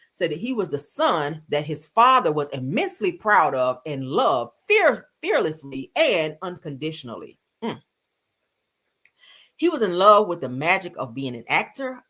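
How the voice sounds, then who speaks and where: Sassy, chatty woman with lively swings. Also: sits low, slightly rough. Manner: chatty, sassy, addresses viewers as y'all and honey. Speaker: celebrity gossip streamer. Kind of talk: casual chat.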